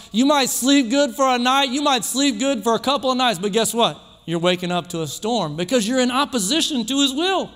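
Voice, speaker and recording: A man preaching a sermon in a church, emphatic and repetitive, building phrases up toward shouts. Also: sits high, long reverb tail. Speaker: pastor. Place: church sanctuary.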